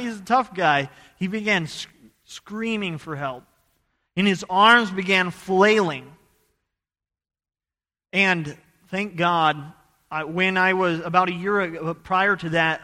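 Man preacher, from Idaho, earnest story sermon, high-pitched, long reverb. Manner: earnest storytelling, rising to loud urgent bursts.

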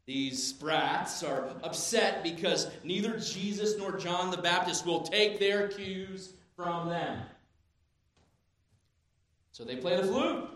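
Guy pastor in his 30s giving a sermon, kinda high voice, big echo all around, goes quiet then loud. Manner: animated, swings from soft asides to loud emphatic bursts. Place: church sanctuary. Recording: very echoey church hall.

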